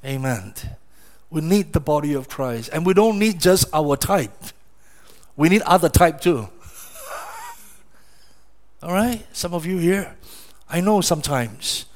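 A man's voice: fairly high pitch, animated, slow pace, long pauses. A middle-aged man preaching a sermon, emphatic and questioning, often repeating words as he presses his point. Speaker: pastor.

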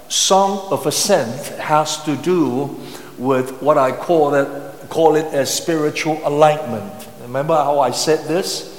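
A man preaching a sermon, reading Bible verses slowly and breaking off to explain them with asides and rhetorical questions. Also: fairly high pitch. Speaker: pastor. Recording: echoey hall.

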